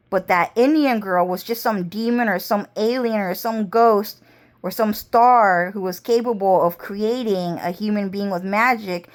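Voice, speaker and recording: A woman vlogger delivering a rambling, intense monologue full of swearing. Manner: profane, intense, swinging pitch and pace.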